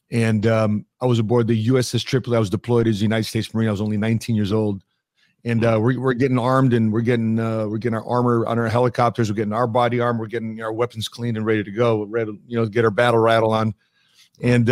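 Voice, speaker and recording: A middle-aged man, speaking as an interview guest at an ordinary pitch, tells energetic stories and plays out every line of dialogue himself. It's conversational interview storytelling. The recording is dry and close, with no room and no echo.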